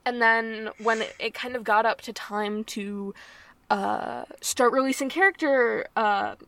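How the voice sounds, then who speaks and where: A woman's voice: on the high side, measured pace, creaky, fairly bright tone, no room sound. A woman co-hosting a tabletop podcast, chatting casually with lots of ums and likes. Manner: rambling, many ums and likes. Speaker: podcast co-host and tabletop player. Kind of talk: casual chat.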